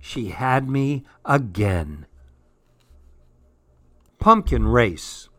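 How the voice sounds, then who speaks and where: Slow, steady male story reader. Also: medium pitch, no room sound. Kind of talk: storybook reading.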